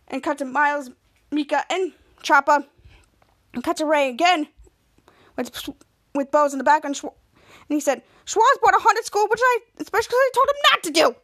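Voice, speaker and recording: A woman's voice: sits high, fairly bright tone. A woman hosting a podcast, retelling a TV episode scene by scene in a rambling, stop-start way with many restarts. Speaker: podcast host. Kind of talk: casual recap of a TV episode.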